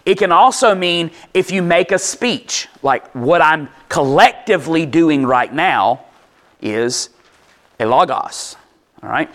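A man delivering a sermon as a conversational teaching talk. His voice sits a little high for a man. He restarts and repeats words as he explains, and keeps asking whether his listeners are still with him. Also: animated, slow pace, fairly bright tone. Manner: conversational, checks in with listeners often. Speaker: pastor.

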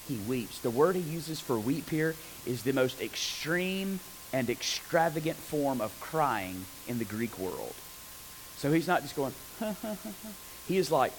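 A man preaching a conversational sermon on scripture, animated and often asking his listeners rhetorical questions. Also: mid-range voice, slight background noise, rough recording.

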